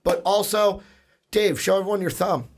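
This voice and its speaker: A man with a hoarse, raspy voice from shouting, hosting a casual sports podcast and rambling through plugs and asides. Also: high voice, moderate pace. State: hoarse, lost voice. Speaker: podcast host.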